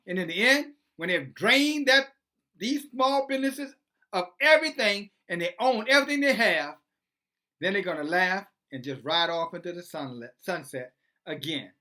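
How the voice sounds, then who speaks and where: A preachy online commentator reads news aloud and breaks off to argue with it. The delivery is lively, and the pitch leaps up and down. The tone is bright and cutting, and the talk is packed with sarcastic rhetorical questions. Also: moderate pace.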